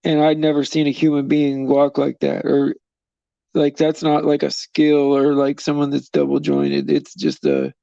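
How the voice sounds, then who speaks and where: A man's voice: fairly high pitch, measured pace, vocal fry, warm tone, smooth, dry recording, muffled recording. A man hosting a live stream, chatting loosely with viewers in a rambling way and chuckling often. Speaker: livestream host.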